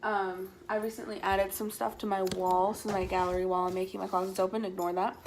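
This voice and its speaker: A woman's voice: mid-range voice, level tone, fairly quick, a little mellow, a little hiss or hum. Teen girl on a phone, rambly and a bit self-conscious, bedroom vlog. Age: teens. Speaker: vlogger. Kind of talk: casual chat. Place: her bedroom, indoors. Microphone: handheld phone.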